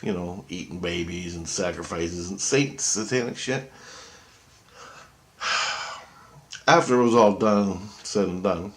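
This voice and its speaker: A man telling a personal story in a rambling, halting way, swearing freely and restarting his sentences. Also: low-pitched, fairly even intonation. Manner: profane and halting, with many restarts. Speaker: vlogger.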